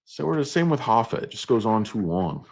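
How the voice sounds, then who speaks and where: Middle-aged male host, low and animated, loose comedic market commentary. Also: a little fast, creaky. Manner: meandering, jokey asides, many fillers. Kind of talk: rambling comedic stock-market talk.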